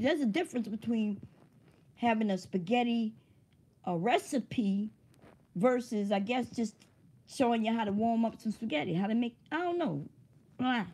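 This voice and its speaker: A woman's voice: a little high, expressive, moderate pace, pauses often, a little mellow, husky. A woman hosting a casual livestream, who chats loosely, laughs often and swears freely. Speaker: livestream host.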